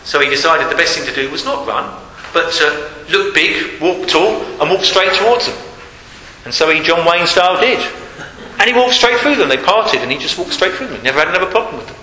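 A man preaching a sermon, earnest, dropping from full voice to a hush for emphasis. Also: fairly high pitch, animated, brisk. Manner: earnest, swings from loud to hushed for emphasis. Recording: echoey hall with long reverb, faint hiss.

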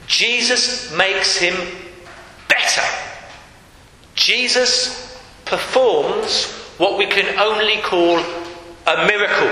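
A man preaching a sermon, slow and emphatic, repeating key phrases for weight. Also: high voice, sharp tone. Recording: echoey hall with long reverb.

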